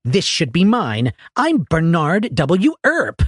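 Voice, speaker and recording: A man plays a self-important professor who sneers and blusters, his voice pushed higher and drawn out slowly in outrage. The sound is dry and close, a little husky. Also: huge pitch swings, no room sound, full character voice. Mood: indignant. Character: pompous, easily enraged middle-aged professor.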